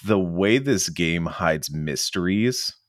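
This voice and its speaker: Brief: podcast host, man, very low voice, excited, dry close mic. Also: slow, dry recording. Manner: enthusiastic, animated, often mimics characters. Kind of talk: casual game discussion podcast.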